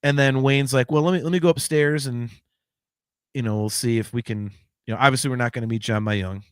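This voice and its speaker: A man hosting a podcast, telling a long casual story in a rambling, excited way with plenty of casual swearing. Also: medium pitch, fairly quick, clear, resonant tone, dry recording, studio quality. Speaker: podcast host.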